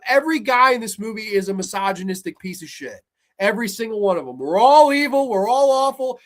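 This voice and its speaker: A man's voice: sits high, a bit bright. A man reviewing a horror film in a heated, exasperated rant full of profanity.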